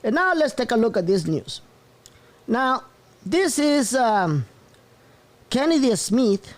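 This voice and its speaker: A man's voice: very high voice, big pitch swings, slow pace. Laughing, rambling male news host. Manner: rambling, often breaks into laughter. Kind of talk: casual news commentary.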